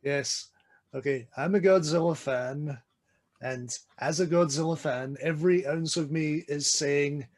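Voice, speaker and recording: A Scottish man with a slightly high voice speaks in a casual film-chat podcast. His delivery is impassioned and emphatic, the voice of a co-host ranting with feeling. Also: measured pace.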